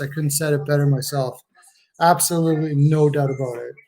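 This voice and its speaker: A man's voice: on the high side, fairly even intonation, brisk, warm tone. A young man hosting a casual live hockey chat, rambling and reading out viewer comments. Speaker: podcast host.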